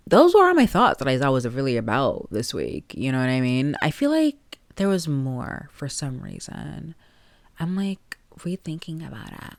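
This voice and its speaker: Chatty woman host, low voice, dry sound. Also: no room sound. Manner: rambling, chatty, with frequent likes and laughs. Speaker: podcast host. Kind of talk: casual solo podcast chat. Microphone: plugged-in podcast mic.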